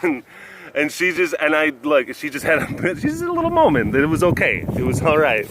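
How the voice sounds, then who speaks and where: A man's voice: fairly high pitch, wildly swooping pitch, brisk, noisy background. A man vlogging outdoors at an animal sanctuary while walking, talking in a rambling, casual way and chuckling often. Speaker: vlogger at a big cat facility.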